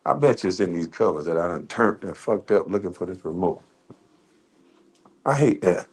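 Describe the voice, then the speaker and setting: A man's voice: low voice, animated, normal speed, darkish tone, slightly rough. Blunt, cursing man on a rant. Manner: blunt, cursing, laughs often. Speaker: commentator reacting to online critics. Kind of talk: casual profane rant.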